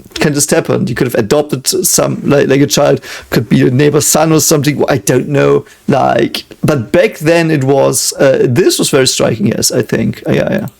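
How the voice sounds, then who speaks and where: A German man with a German accent talking in English, chatting casually over a show he is watching. His mid-pitched voice has a gravelly, fry-laden edge. He hesitates constantly, stacks up fillers and restarts, and breaks into little chuckles. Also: fairly even intonation, normal speed, darkish tone. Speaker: reaction video host. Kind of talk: casual reaction commentary.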